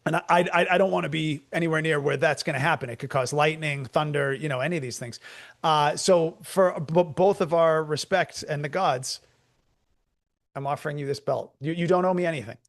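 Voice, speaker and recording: A man with a notably high voice rambles through absurd comic tales in a deadpan way. He co-hosts a chat show and riffs at length, dropping into silly voices for the people in his stories. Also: a little fast. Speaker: comedian co-host.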